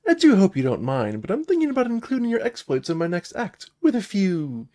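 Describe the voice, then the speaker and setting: A man's voice: high voice, huge pitch swings, a little fast, darkish tone, voice pushed up. A man voicing an outgoing, playful fellish woman bard who speaks in a theatrical sing-song manner. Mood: flirty.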